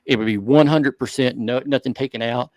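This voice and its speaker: A man co-hosting a hobby talk show, speaking earnestly and thinking out loud in casual chat. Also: mid-range voice, fairly quick, dry recording. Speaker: show co-host.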